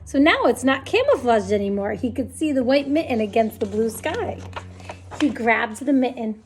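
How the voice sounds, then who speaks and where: A woman reading a children's picture book aloud, with a high voice that leaps up and down in pitch. She plays up the story with sound effects and an animated delivery. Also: moderate pace, a little hiss or hum. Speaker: storytime reader.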